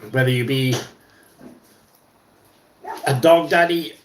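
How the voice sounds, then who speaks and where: A man's voice: mid-range voice, slow, roomy sound, a little hiss or hum. A man hosting a casual livestream while fixing an RC car at his bench, rambling with lots of ums and restarts. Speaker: livestream host. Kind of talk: casual chat while wrenching.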